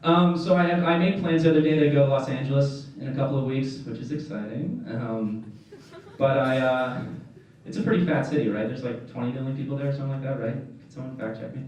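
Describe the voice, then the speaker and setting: A man's voice: mid-range voice, fast, darkish tone. A young man doing a stand-up comedy set at a college club, rambling and self-deprecating with lots of fillers. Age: young adult. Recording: echoey room, distant mic, faint noise.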